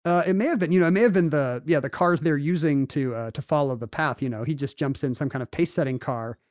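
A man's voice: a little high, fast talker, a little mellow, dry recording, clean studio sound. A man co-hosting a podcast, retelling a history story with wry jokes in casual chat. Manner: wry storyteller, puts on silly voices for quotes. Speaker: podcast co-host.

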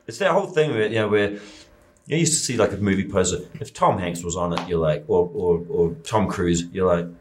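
A man's voice: low-pitched, a little fast, darkish tone, slight background noise. A man with a New Zealand accent, a film director guest in a casual interview, talking in a loose, rambling way full of fillers.

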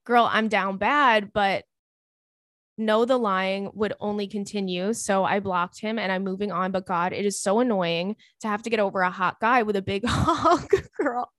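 A woman's voice: mid-range voice, moderate pace, fairly bright tone, no room sound. A woman hosting an advice podcast, reading a listener's email aloud and reacting in a playful, slangy, chatty way.

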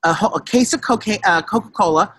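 A casual, profane storyteller who rambles with many restarts and shouted quotes. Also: male voice, high-pitched, fast talker, breathy edge. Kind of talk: casual chat.

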